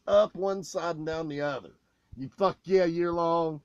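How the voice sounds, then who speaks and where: A man co-hosting a casual podcast, telling profane backstage stories with loud, animated outbursts. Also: a little high, measured pace, no echo. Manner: loud, swearing, animated retelling with raised outbursts.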